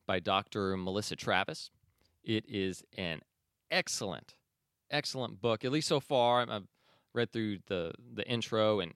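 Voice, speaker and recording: A man's voice: fairly low pitch, a bit bright, clear, resonant tone, dry recording, studio quality. A man hosting a podcast, talking in a conversational, emphatic way and correcting himself as he goes. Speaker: podcast host. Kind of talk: casual commentary and reading aloud.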